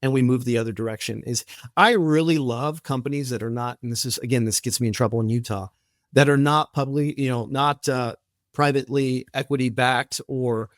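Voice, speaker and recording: On a podcast, a founder of a company spins stories in a relaxed interview, performing the quoted lines with animation and frequently restarting. His voice is medium in pitch and brisk, recorded at studio quality without any room sound.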